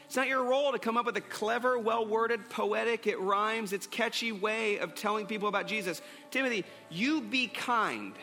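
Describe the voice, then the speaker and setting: A man's voice: high voice, moderate pace, hardly any pauses, bright, forceful tone. A man preaching a sermon as pastor, earnest and repeating phrases for emphasis. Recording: hall reverb with faint music.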